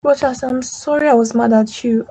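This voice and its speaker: Woman doing a tearful heartbroken young woman, slightly high, mellow voice. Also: fairly even intonation, normal speed, poor audio. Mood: grieving. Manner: tearful, sincere. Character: grieving young woman who lost her love.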